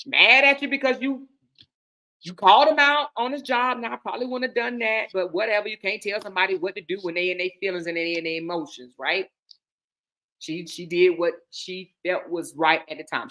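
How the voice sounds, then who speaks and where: Candid, emphatic woman telling a story. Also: fairly high pitch. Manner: candid, emphatic, swings between hushed and loud. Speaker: host. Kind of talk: casual storytelling chat.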